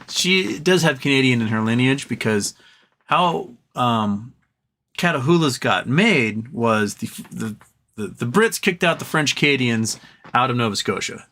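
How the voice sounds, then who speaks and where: Bright-voiced man rambling on a live stream. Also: mid-range voice, animated, normal speed. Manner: rambling, answers chat comments, trails off. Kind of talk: casual live-stream chat.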